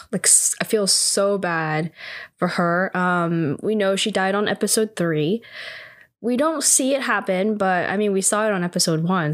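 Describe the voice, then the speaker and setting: A young woman casually recapping a TV drama episode, chatty and full of "like", her voice rising in disbelief at times. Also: mid-range voice.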